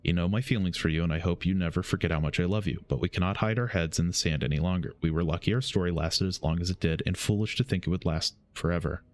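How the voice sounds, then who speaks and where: A young man streaming a game, reading its letters aloud slowly and often stumbling and correcting himself. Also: deep voice. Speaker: gaming streamer.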